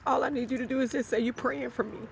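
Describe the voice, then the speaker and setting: A grieving widow talking to camera in a heartfelt, halting way, her voice sometimes breaking into a whisper. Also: sits high, steady tone, gravelly, slight background noise. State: grieving, near tears. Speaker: widow sharing her grief. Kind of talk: emotional personal talk to camera.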